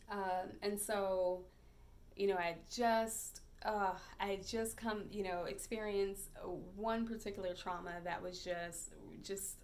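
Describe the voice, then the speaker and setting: A woman podcast host telling a personal story in a reflective, hesitant way, with many pauses and fillers. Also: mid-range voice.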